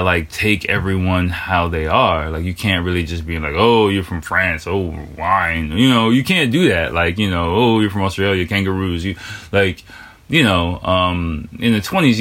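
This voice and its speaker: Low-voiced man in a casual podcast ramble. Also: a bit bright. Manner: loose and profane, heavy with fillers like "you know". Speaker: podcast host.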